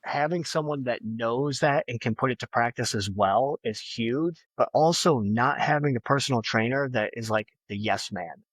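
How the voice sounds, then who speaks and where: A man's voice: mid-range voice, moderate pace, hardly any pauses, a bit bright, slightly rough, no room sound. A man guesting on a podcast, talking emphatically and motivationally, often saying "like" and "you know". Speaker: podcast guest, fitness and bodybuilding figure. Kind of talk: casual interview talk.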